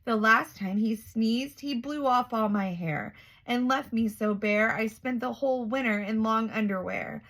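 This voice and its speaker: A put-upon male storybook bear complaining about an old wrong, voiced by a woman reading. Slow, a touch lower than the narration. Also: a bit bright. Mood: grumbling. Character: grumbling bald male bear.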